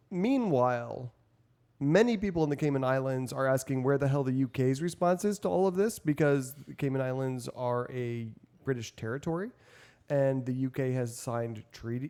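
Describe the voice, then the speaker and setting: A man with a dark, mid-range voice co-hosts a casual podcast panel. He's chatty and talks loosely, laughing often and putting on mock voices.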